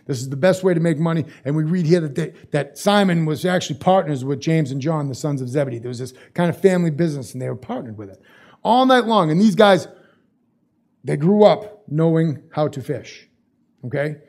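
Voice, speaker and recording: A man's voice: a little high, expressive, brisk, darkish tone. A male pastor preaching a sermon in a casual, conversational way, repeating phrases for emphasis.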